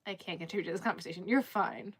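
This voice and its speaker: Bright-voiced chatty woman live streamer. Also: fairly low pitch, quick pace, slightly rough. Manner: rambling, chatty, lots of "like" and restarts. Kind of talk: casual live stream chat.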